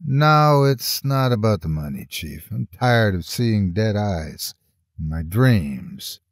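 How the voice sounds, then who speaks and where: A man's voice: on the low side, very animated, slow pace, no room sound, clean studio sound, full character voice. A man doing a weary old detective. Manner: tired, earnest. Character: weary veteran male detective near retirement.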